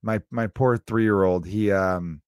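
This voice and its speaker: Low-voiced, profane rambling man. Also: steady tone, takes it slowly, clean tone, no echo, clean studio sound. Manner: profane, rambling, self-mocking. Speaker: podcast host. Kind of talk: casual comedic monologue.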